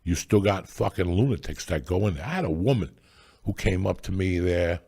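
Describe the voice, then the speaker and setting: Man in his sixties, gravel-voiced swearing storyteller, husky. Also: sits low, brisk, dark tone. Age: 60s. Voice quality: gravelly, raspy. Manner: profane, rambling storyteller. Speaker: podcast host. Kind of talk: casual storytelling chat.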